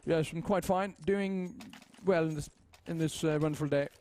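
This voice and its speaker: A man putting on a prim, overly formal English gentleman, exaggerated and polite. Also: on the high side, steady tone, normal speed, voice pushed up, natural voice. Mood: mock-polite.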